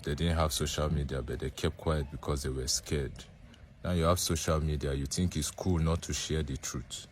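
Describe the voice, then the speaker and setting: A man from Benue State with a Nigerian accent, making an earnest, measured social media appeal. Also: very deep voice, a little hiss or hum.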